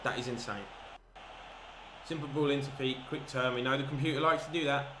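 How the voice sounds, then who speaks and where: A man commentating on his own football video game match, chatty and easily excited, breaking into shouts at big moments. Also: medium pitch, brisk. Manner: excitable, bursts into shouts at chances. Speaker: gaming commentator. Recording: echoey room with background noise.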